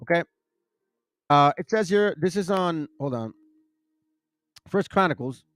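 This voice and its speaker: Casting: higher-voiced man, loose bible-study host who trips over names, dry close recording. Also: expressive, a little slow, a bit bright, dry recording. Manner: rambling, self-correcting, stumbles over names. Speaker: bible teaching channel host. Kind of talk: casual religious teaching and scripture reading.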